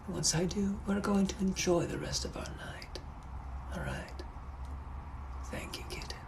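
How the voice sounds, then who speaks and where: A man doing a silky, hushed Victorian British butler. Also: sits high, steady tone, whispered. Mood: menacing. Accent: put-on British. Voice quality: hushed, silky, slow and deliberate. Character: suave, menacing Victorian British gentleman butler. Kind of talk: whispered role-play. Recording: noisy background hiss.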